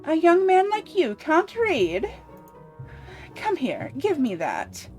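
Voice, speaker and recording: A woman voicing an evil but wise woman who reads a fairy tale in a measured storybook cadence. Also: very high-pitched, wildly swooping pitch, darkish tone, soft background music, voice pushed up, full character voice. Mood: storytelling. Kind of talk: voicing game dialogue.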